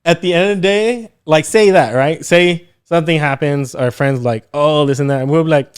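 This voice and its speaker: A man's voice: fairly high pitch, moderate pace, smooth. Blunt joking man on a podcast. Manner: blunt, joking, acts out quotes. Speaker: podcast co-host. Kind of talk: casual podcast banter.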